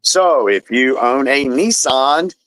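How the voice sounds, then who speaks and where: A man hosts a relaxed political stream, reading headlines and tossing in quick asides. His pitch moves a lot as he talks, and the dry close mic catches no room sound. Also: no echo. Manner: reads headlines, then adds offhand comments. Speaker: host. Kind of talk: casual political chat.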